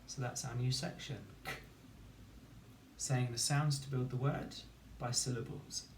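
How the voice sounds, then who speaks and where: A man leads a children's phonics lesson, sounding out each word sound by sound in a slow, deliberate way. He is heard from some distance, in a roomy space with a faint hum of ambience behind him. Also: mid-range voice. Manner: slow, clear sounding-out of syllables. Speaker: teacher.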